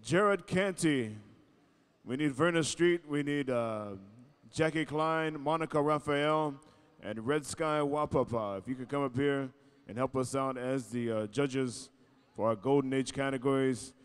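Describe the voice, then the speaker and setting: Smooth-voiced joking powwow announcer man. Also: medium pitch, unhurried. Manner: joking, easygoing, calls out names. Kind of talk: live event announcing.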